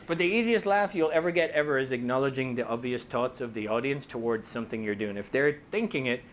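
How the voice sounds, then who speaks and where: An Irish man presents a lively comedic talk to a live audience, joking and dropping into quick character voices. His voice sits at a middling pitch. A faint low rumble runs underneath. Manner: animated and joking, slips into voices for quotes. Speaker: speaker and author.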